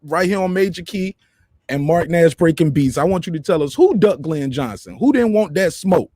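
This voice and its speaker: Co-host dude egging the guest on, a bit high, dry sound. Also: male voice, animated, normal speed, dark tone, dry recording. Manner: playful, hyping, pushy questions. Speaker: co-host interviewer. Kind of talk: casual interview chat.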